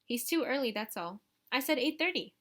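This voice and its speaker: A woman's voice: on the high side, animated, fairly quick, a bit bright. A woman voicing a prim, self-important teenage girl with a curt, dismissive manner.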